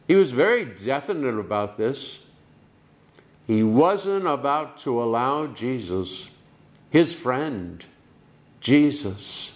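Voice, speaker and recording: Male preacher, measured sermon, unhurried pace with long pauses and strong emphasis. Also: medium pitch. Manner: slow, deliberate delivery with dramatic pauses and emphasis.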